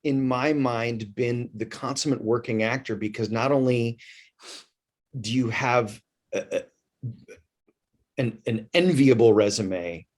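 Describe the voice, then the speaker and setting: A man's voice: medium pitch, takes it slowly, long pauses. A man hosting an interview, enthusiastic and effusive, stumbling over his words with praise. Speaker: interview host. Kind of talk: interview host chat.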